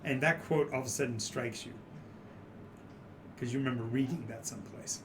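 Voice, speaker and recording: A man's voice: medium pitch, a little fast. Brief: male game master, casual narration with lots of ums and restarts, mid-range voice, noisy recording. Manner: rambling descriptions with many fillers.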